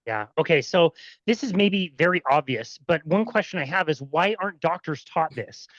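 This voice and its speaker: A man's voice: fairly high pitch, expressive, moderate pace, fairly bright tone, no room sound, lo-fi sound. A man hosting a podcast interview, asking friendly questions. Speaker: podcast host.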